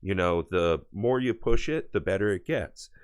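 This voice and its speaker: A man's voice: deep voice, animated, moderate pace, crowd noise. An American man co-hosting a casual podcast from home over a remote call, rambling and enthusiastic, with many fillers. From United States. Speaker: podcast co-host. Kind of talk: casual chat.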